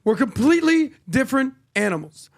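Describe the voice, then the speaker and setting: A man's voice: extremely high pitch, big pitch swings, brisk, creaky, no room sound, studio quality. A father co-hosting a casual chat, giving brash, confident advice. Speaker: co-host.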